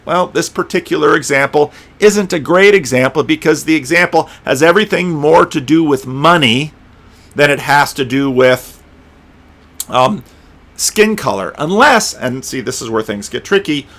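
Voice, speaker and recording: A man's voice: fairly high pitch, expressive, a little slow, fairly bright tone. A middle-aged man giving a rambling solo commentary, thinking aloud and restarting his sentences as he talks. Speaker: pastor and video commentator.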